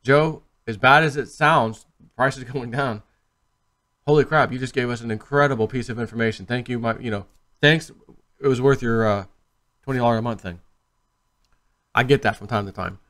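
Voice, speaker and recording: A man talks casually to camera in a vlog, rambling and animated, acting out quotes as he tells stories. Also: mid-range voice, moderate pace, long pauses. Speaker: crypto video host.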